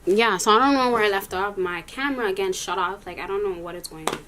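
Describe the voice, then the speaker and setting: A woman's voice: medium pitch, quick pace, pushed and bright, rough recording. A young adult woman recounting a story on her channel. She retells the dialogue and acts out each side in an ordinary mid-range voice. A faint hiss of noise runs underneath. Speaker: vlogger. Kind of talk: storytime vlog.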